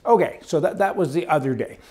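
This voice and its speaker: A business owner telling an exasperated personal anecdote, breaking into incredulous outbursts. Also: male voice, on the high side, a little fast, darkish tone, slightly rough. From Canada. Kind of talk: ranting personal anecdote to camera.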